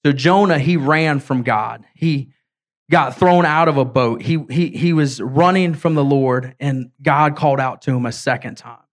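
A man preaching a sermon as an evangelist, retelling a story in casual words and reading scripture aloud with halting slips. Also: medium pitch. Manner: storytelling, voicing characters in a casual way.

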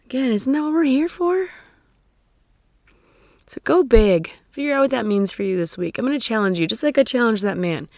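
An energetic woman speaks as a coach, urging listeners on with emphatic, casually sweary talk. Her voice sits on the higher side. The sound is dry and close, with no room echo. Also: normal speed. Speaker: coach and podcast host. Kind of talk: motivational solo talk.

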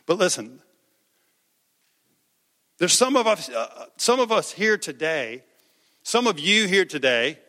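Man, pastor, animated sermon, high voice, church reverb. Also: slow, long pauses. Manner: conversational, animated, joking preaching. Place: church sanctuary.

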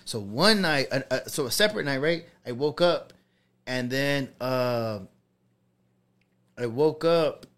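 A man's voice: mid-range voice, lively intonation, slow, pauses often, fairly bright tone. A young man telling a personal ghost story on a podcast, rambling with lots of fillers and swearing. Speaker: podcast co-host. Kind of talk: casual storytelling.

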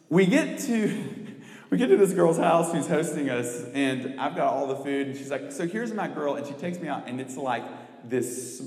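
A man's voice: mid-range voice, darkish tone. A young man, a campus minister, giving a sermon in a casual, self-mocking storytelling way, full of "like". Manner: chatty, self-mocking, lots of "like". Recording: echoey hall, long reverb.

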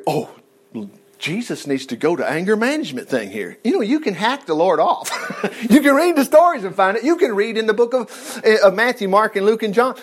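Man, Bible teacher, casual rambling talk, joking asides, high pitch, very animated.

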